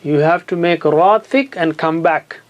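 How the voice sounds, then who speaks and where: A man's voice: a little high, unhurried, highs cut off. A man teaching Quran recitation in a classroom lesson, patiently repeating letter sounds and words for students to copy.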